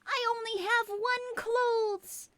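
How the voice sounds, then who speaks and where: A woman's voice: extremely high pitch, level tone, slow pace, fairly bright tone, dry recording, pitched above the performer's own voice, heavily acted. A woman voicing a hapless, eager little male elf in a comic storybook reading. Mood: squeaky.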